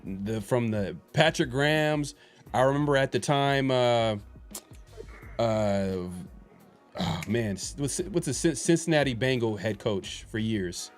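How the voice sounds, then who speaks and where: A man's voice: medium pitch, animated, unhurried, faint music behind. Rambling male sports podcaster. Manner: rambling, hesitant, many fillers and restarts. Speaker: podcast host. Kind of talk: casual sports podcast chat.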